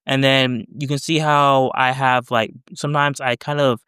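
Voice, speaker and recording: A man's voice: mid-range voice, little pitch movement, moderate pace, bright, forceful tone, clear, resonant tone, no echo, studio quality. A man casually explaining his screen as he works, rambling with self-corrections. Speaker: developer demoing voice prompts. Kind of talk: casual screen-recorded tutorial.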